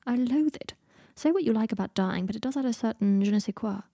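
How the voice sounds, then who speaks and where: A sickly young man, sarcastic and whiny, given to dramatic complaint, as a woman narrator puts him on. The voice is warm and husky and sits close in a dry recording. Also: a little high, expressive, quick pace, no echo, exaggerated voice.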